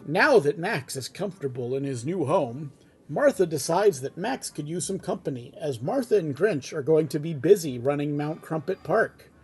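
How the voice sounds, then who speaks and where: A man reading a fan script aloud at home, in a relaxed, chatty way with casual asides. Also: fairly high pitch, moderate pace, slightly rough, faint music behind. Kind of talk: casual read-aloud narration.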